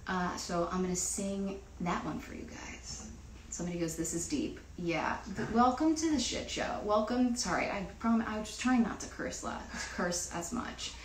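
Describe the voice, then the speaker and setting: A woman's voice: medium pitch, normal speed, roomy sound, a little hiss or hum, poor audio. A young woman from New Jersey, a singer chatting casually on a livestream, rambling with lots of fillers and cursing freely.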